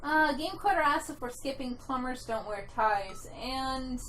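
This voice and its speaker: A woman's voice: high voice, measured pace, a bit bright, a little hiss or hum, low-quality recording. A woman co-hosting a casual live game stream, giggling often and reading out viewer comments. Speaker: stream co-host reading chat.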